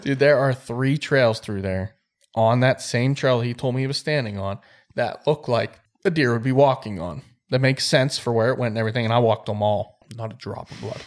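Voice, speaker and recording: A man in a garage casually telling a hunting story, animated, acting out quotes and laughing often. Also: mid-range voice, moderate pace. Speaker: podcast co-host.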